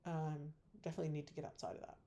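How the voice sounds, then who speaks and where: A woman's voice: low voice, little pitch movement, racing, vocal fry, warm tone, lo-fi sound. A woman trader going over her own week of trades, scolding herself bluntly in a frustrated tone and swearing casually. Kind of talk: casual weekly trade review.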